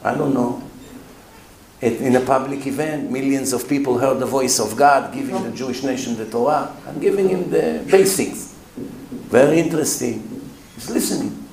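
Rabbi telling a story in an echoey hall. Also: male voice, mid-range voice. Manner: emphatic, with non-native English phrasing. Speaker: rabbi and lecturer. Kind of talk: storytelling sermon. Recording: roomy hall with faint room noise.

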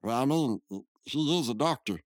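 Animated man recapping a cartoon. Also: moderate pace, no room sound, studio quality. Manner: animated retelling with squeaky character voices. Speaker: podcast co-host. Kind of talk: casual episode recap chat.

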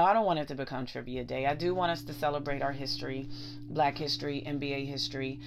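Gravelly-voiced woman with a Pittsburgh accent. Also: low-pitched. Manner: rambling, thinks aloud, chuckles often. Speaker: vlogger. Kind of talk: casual talk to camera.

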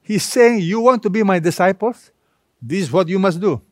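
A man preaching a sermon with emphasis, slowing down to press key words. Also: sits high, lively intonation, no room sound, clean studio sound. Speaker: pastor.

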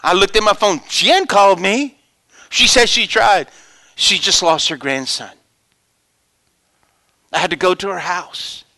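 A male pastor preaching a sermon, telling stories of the people he ministers to and dropping to whispers before rising to loud, high exclamations. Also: measured pace, pauses often, no room sound.

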